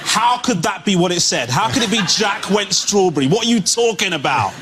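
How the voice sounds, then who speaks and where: A male comedian on a panel show, ranting in exasperated bursts that rise to indignant shouts. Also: sits high, sing-song, a little fast, loud music behind the voice. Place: TV studio with live audience.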